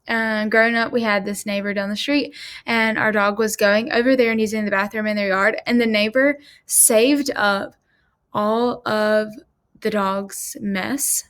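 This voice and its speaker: A woman's voice: fairly high pitch, a bit bright. A woman presenting a class assignment, reading scenarios aloud and talking through each one casually, with fillers.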